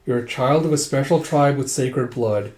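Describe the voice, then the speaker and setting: A man's voice: medium pitch, moderate pace, darkish tone, close to an everyday voice. A man voicing a protective, cautious mother, reading manga dialogue aloud. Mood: cautioning. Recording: roomy echo.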